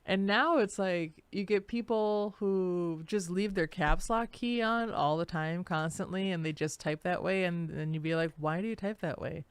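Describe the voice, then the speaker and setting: A woman co-hosting a casual live talk show, unhurried and giggly, with lots of fillers. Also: lowish voice, smooth, dry recording. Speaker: co-host.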